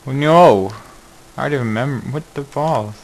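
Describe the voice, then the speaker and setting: A man's voice: mid-range voice, normal speed, gravelly, darkish tone, a little hiss or hum, poor audio. A man hosting a casual game video, joking and exclaiming at each mishap while he plays. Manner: jokey, exclaims at mishaps, mutters asides. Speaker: gaming video host. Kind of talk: casual let's-play commentary.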